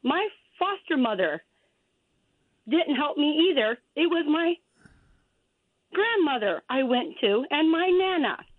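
A woman's voice: high-pitched, very animated, slow, long pauses, no echo. A woman in her fifties calling in to a radio show by telephone, rambling and chatty, laughing as she talks. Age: 50s. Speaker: caller. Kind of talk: call-in radio chat. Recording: tinny phone line.

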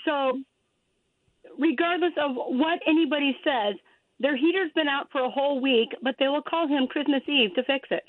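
A woman's voice: high voice, normal speed. A woman in her fifties calling in to a radio show by telephone, rambling and chatty, laughing as she talks. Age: 50s. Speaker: caller. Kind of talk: call-in radio chat. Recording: tinny phone line.

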